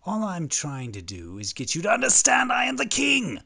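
A man voicing a pompous, irritable male king who shouts and sneers at his subjects. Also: medium pitch, sing-song, racing, pitched above the performer's own voice, natural voice. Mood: agitated. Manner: shouting, haughty, easily agitated.

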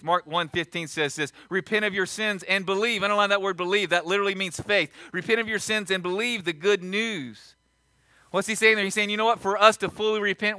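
High, bright-voiced preaching pastor. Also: male voice, no echo. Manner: fervent preaching, rising to loud emphasis, dropping to hushed appeal. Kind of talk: sermon. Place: church.

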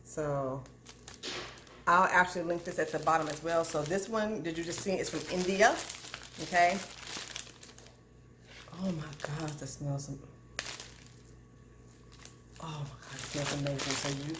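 A woman chatting casually to her viewers while unboxing in her home kitchen, animated and calling them "y'all". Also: sits low, normal speed, pauses often. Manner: animated, addresses viewers as "y'all", frequent "okay?". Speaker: cooking channel vlogger. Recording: echoey kitchen with clear background noise.

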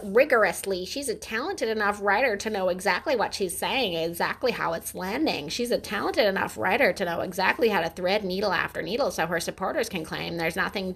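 A woman's voice: on the low side, vocal fry, fairly bright tone, breathy edge. Sarcastic, swearing woman ranting. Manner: sarcastic, exasperated, swears a lot. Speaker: commentator reacting to an article. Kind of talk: ranting commentary.

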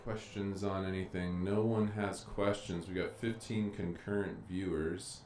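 A man with a low, a little mellow voice teaches a casual live-streamed lesson, speaking a little slowly with fairly even intonation. He's chatty and thinks aloud as he clicks through his files. The room is echoey with faint noise.

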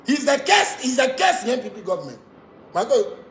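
A man's voice: very high voice, big pitch swings, fairly quick, a bit bright, reverberant, slight background noise. A man with a Ghanaian accent, delivering an angry rant monologue that mixes pidgin with local-language phrases. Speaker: musician.

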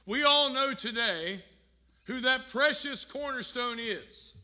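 A man preaching a sermon as pastor, telling a story with rising intensity and emphatic pauses. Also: very high-pitched, bright, forceful tone. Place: church.

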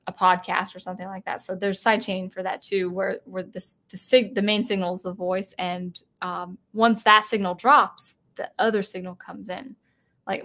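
A woman's voice: medium pitch, a bit bright. Rambling woman hosting a casual live stream. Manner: rambling, many restarts and self-corrections; chatty and reading viewer comments aloud.

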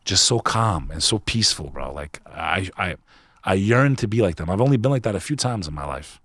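40s guy from new york opening up on a podcast, keeps saying bro, lowish voice. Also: lively intonation, a little fast, a bit bright, breathy edge, no room sound, clean studio sound. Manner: earnest, confessional storytelling, calls the listener "bro". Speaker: podcast guest. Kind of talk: casual chat.

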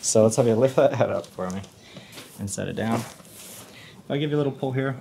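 A male chiropractor talking a patient through treatment in a calm, instructive way with the odd light joke. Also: mid-range voice, a little fast, gravelly, slight background noise.

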